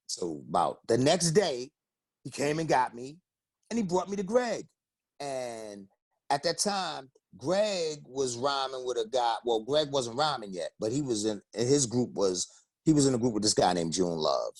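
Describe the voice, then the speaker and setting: A man's voice: mid-range voice, normal speed, husky, no echo. A man, telling stories casually in an interview and acting out quotes. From the Bronx, New York. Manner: animated storyteller, acts out quotes in raised voices. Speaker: interview guest, rapper and singer. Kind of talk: casual storytelling.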